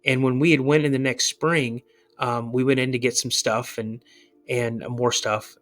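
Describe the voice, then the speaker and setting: A man's voice: medium pitch, steady tone, unhurried, fairly bright tone, faint music behind. A man as a podcast guest, telling his own story in a casual, earnest, rambling way and repeating himself for emphasis. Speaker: guest recounting an encounter. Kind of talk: casual first-person storytelling.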